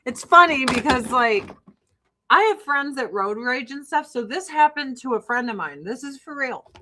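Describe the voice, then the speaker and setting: A woman's voice: high voice, lively intonation, normal speed, background noise. A middle-aged woman from Illinois with a Chicago-area Midwestern accent, chatting casually and profanely as a livestream host, laughing often and mimicking people. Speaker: livestream host selling skincare. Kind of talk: casual rambling chat.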